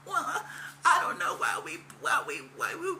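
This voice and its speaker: A man's voice: extremely high pitch, steady tone, moderate pace, gravelly, sharp tone, slight background noise, pitched above the performer's own voice, full character voice. A man putting on the voice of a flustered man on the TV news who stammers and repeats himself. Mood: mocking.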